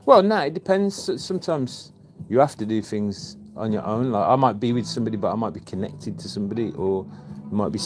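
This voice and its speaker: A man's voice: on the low side, lively intonation, brisk, few pauses, over music. A man, a tailor and shirtmaker, chatting casually and telling a rambling story with many fillers. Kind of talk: casual chat.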